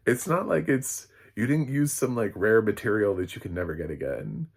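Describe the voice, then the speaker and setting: A man's voice: lowish voice, normal speed, vocal fry, slightly rough. A man, a film critic, giving a casual spoken recap of a TV episode in a rambling, chatty way with many fillers and chuckles.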